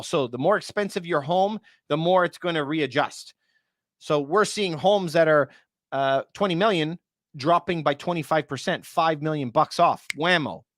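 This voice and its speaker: Chatty broker man, slightly high voice. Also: a bit bright, dry recording, studio quality. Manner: chatty, addresses viewers by name, quick asides. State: losing his voice. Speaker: real estate broker. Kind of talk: casual livestream chat answering viewer questions.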